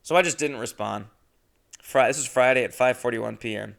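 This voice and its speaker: A young adult man, a podcast host, telling a comedic story alone, indignant and swearing, jumping into high exaggerated voices when he quotes people. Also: moderate pace, vocal fry, fairly bright tone.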